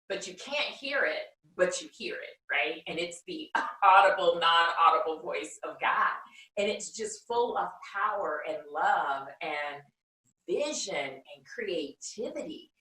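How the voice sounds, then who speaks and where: Animated woman telling a faith story. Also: medium pitch, recorded from a distance. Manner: expressive storyteller, acts out dialogue with God. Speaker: guest, founder of a faith project. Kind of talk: animated faith testimony in conversation. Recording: roomy sound, speaker away from the mic.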